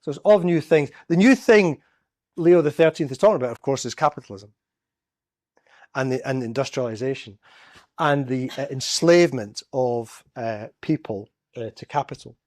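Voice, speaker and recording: A man's voice: medium pitch, moderate pace, darkish tone, no room sound, clean studio sound. A man from Scotland, giving a storytelling public talk as a guest speaker in a church. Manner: storytelling, acts out quoted voices.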